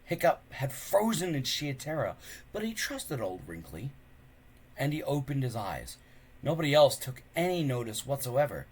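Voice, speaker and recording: A man reading a children's book aloud with expressive, unhurried storytelling. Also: medium pitch, breathy edge. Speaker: reader.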